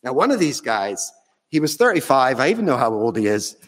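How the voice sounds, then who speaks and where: A man's voice: medium pitch, very animated, brisk, big-room sound. A man preaching a sermon in a church, telling a story in a conversational way with fond humour.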